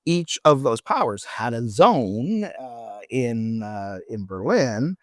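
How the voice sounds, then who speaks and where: A man's voice: medium pitch, sing-song, slow pace, no echo, studio quality. A middle-aged man on a travel podcast, telling rambling anecdotes in casual chat with many restarts.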